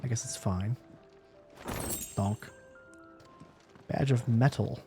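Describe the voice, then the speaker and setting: A man's voice: medium pitch, animated, normal speed, over music. A man doing casual, joking, profane commentary while streaming a game, sleepy and yawning.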